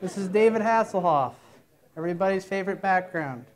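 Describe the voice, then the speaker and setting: A man's voice: sits high, animated, a little fast. A man giving a conference talk, telling a long, rambling joke story in a playful way before starting his presentation. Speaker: conference speaker. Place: conference room.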